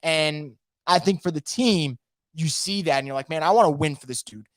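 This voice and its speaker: A man hosting a casual live sports podcast from home, energetic and opinionated, rambling with frequent restarts. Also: fairly high pitch, moderate pace, no echo, clean studio sound. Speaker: podcast host. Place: home room.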